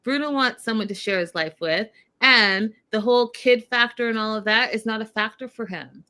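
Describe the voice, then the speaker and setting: A woman hosting a casual recap of a reality show, animated and talking straight to her viewers. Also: a little high, normal speed, clean tone. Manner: animated, addresses viewers directly. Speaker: show host.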